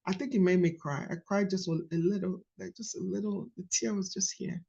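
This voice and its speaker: A woman's voice: mid-range voice, fairly even intonation, a little fast, gravelly, mellow, muffled recording. A woman leading a book study coaching call, repeating key phrases for emphasis.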